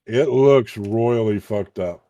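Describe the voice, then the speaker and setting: GM type: low male voice, matter-of-fact, dry close mic. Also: slow pace, dry recording, dull audio. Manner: calm, matter-of-fact rulings. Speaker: game master. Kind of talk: running a tabletop game.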